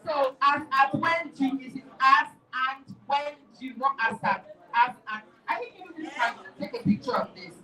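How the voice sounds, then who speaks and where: A woman's voice: high voice, lively intonation, moderate pace, hardly any pauses, bright, forceful tone, far from the mic, rough recording. A woman teaching pronunciation to a class, correcting and repeating words one by one. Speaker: diction teacher.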